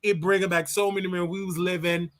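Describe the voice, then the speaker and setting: A man from Chicago hosting a show, giving animated, opinionated commentary on celebrity gossip and often repeating and restarting his words. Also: high-pitched, fast. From Chicago, United States. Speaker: show host.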